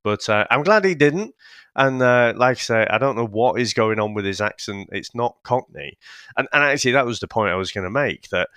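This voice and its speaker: A man's voice: mid-range voice, expressive, fairly quick, a bit bright, clear, resonant tone, no room sound. A man with a northern English accent co-hosting a casual review podcast, rambling and swearing freely with lots of restarts. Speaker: podcast co-host.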